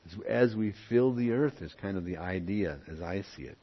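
A man teaches a Bible lesson, reading verses aloud and then pausing to explain them with asides. His voice sits low at a normal speed, on a muffled lo-fi recording.

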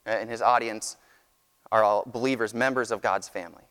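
A man preaching a sermon, teaching in a measured, earnest way that often restarts phrases. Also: lowish voice, steady tone, a bit bright. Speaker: pastor. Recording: long hall reverb.

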